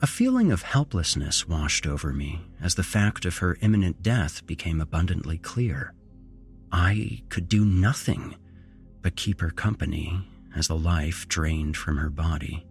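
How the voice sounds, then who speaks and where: Male horror podcast host: very low voice, animated intonation, measured scripted narration. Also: creaky, faint music behind. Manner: measured storytelling with dramatic rises in intonation.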